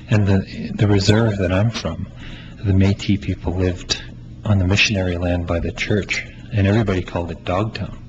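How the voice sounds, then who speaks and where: Low-voiced thoughtful playwright, a man. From Canada. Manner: thoughtful, halting with restarts, laughs often. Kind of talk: interview answers. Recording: slightly muffled with faint hiss.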